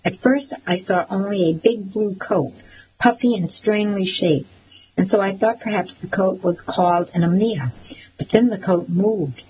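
A woman narrating a first-person story in a measured, even reading. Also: medium pitch, a little hiss or hum, low-quality recording. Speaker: audiobook narrator.

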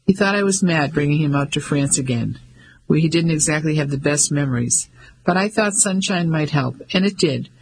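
A woman's voice: low-pitched, normal speed, husky, poor audio. A man voicing a gossipy middle-aged landlady with a Cockney accent, homely and confiding. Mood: chatty.

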